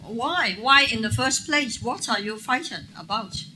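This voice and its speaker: A woman, a legislator answering audience questions at a panel, assertive and quick to fire back rhetorical questions. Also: fairly high pitch, animated, sharp tone, slight background noise, poor audio. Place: press club event room.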